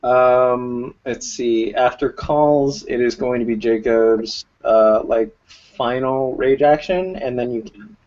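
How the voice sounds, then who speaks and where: A man running a tabletop game as game master, relaxed and thinking aloud with fillers. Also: mid-range voice, takes it slowly. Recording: dull lo-fi recording.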